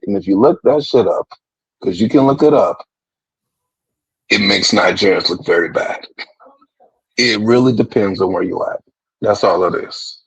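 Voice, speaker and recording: A low-voiced man with a gravelly, husky tone argues his point bluntly, cursing as he goes. His sound is dry and muffled, like a lo-fi remote feed. He talks casually and firmly. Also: moderate pace, pauses often, no room sound. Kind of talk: casual debate.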